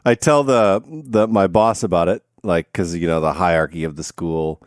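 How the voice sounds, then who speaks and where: A man's voice: low-pitched, normal speed, no room sound, studio quality. A man, a former touring musician who now teaches, telling stories casually in a conversation, laughing often and swearing freely.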